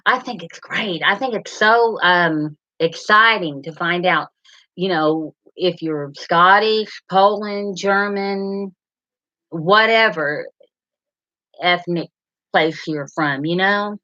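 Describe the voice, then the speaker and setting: A middle-aged woman hosts a livestream, rambling as she reads viewers' comments and calls them by name. Her voice is on the low side, slow, and sharp in tone, and the lo-fi recording sounds slightly dull.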